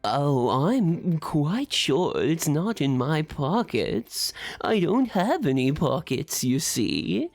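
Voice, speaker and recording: A puzzled little lady dwarf answers in a prim, matter-of-fact manner, voiced by a woman running a tabletop game. She speaks slowly, with a pitch that swings up and down, and faint music plays behind her. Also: big pitch swings, darkish tone, full character voice. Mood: assured. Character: fussy, puzzled female dwarf.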